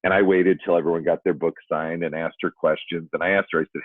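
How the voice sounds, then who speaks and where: Deep-voiced guy telling a candid funny school story, dry narrow phone-line sound. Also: fairly even intonation, fast, dry recording. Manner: candid, self-deprecating storyteller. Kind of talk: storytelling talk for educators.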